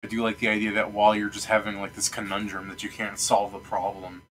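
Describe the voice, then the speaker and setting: Bright-voiced casual game master, a man. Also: on the low side, completely flat delivery, fast talker, slight background noise, low-quality recording. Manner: casual, rambling, laughs often. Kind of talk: narrating a tabletop game.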